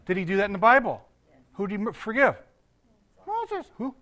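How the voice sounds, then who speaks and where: A man's voice: sits high, sing-song, brisk, bright, forceful tone. An older man, a pastor, giving a conversational sermon, laughing often and quizzing his congregation.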